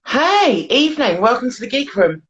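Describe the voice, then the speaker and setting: A woman's voice: high-pitched, big pitch swings, normal speed, dull audio. A woman from the United Kingdom, a blogger guest on a casual chat show, talking in a chatty, storytelling way and laughing easily.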